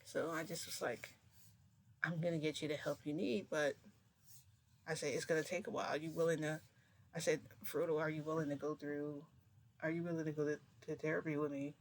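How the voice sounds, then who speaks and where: A woman's voice: deep voice, flat delivery, fairly quick, a little hiss or hum. Emotional woman vlogger telling a story. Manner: emotional, rambling retelling with many "like"s. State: close to tears. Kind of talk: casual storytelling to camera.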